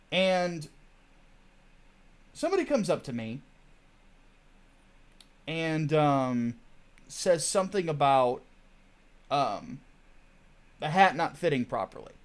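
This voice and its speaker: A man hosting a livestream, ranting casually and wandering off on tangents while swearing freely. His fairly high voice swings up and down with animated emphasis. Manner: profane, digressive, chatty. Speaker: host.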